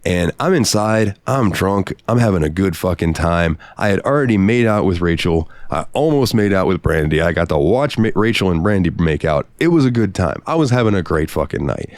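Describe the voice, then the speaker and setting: Man, podcast co-host, very low voice, dry close sound, swearing storyteller. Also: a little fast, no echo. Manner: profane, animated anecdote-telling. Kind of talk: casual storytelling.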